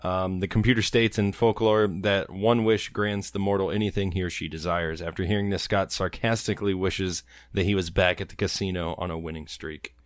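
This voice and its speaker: A man's voice: sits low, steady tone, brisk, hardly any pauses, no room sound, studio quality. A man co-hosting a podcast, reading out a plot summary with the odd laugh. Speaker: podcast co-host.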